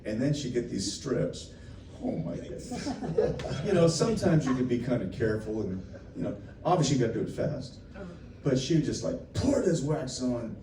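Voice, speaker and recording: A playful male entertainer chats and jokes with fans, laughing as he talks. His voice sits in the middle range. The sound is roomy and distant, with steady background noise. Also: medium pitch, moderate pace. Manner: playful, laughs often while telling stories. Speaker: entertainer hosting a fan Q&A. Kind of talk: casual joking chat with fans. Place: indoor meet-and-greet room. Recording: echoey room, recorded from afar, background noise.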